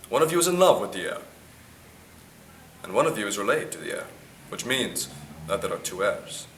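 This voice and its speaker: A man playing a composed figure who lists the suspects and hints at secrets in a measured, insinuating way. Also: fairly low pitch, pushed and bright. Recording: echoey room with faint background noise.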